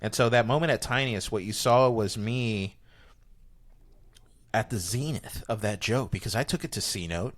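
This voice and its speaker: A man, a comedian, talking casually on a podcast, rambling and animated, with many restarts. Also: lowish voice, normal speed. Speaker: comedian guest.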